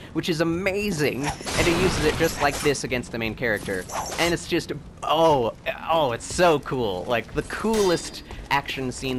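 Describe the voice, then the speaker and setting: Guy rambling excitedly over his gameplay, laughs a lot, noisy home recording. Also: medium pitch. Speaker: let's play host. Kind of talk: gameplay commentary.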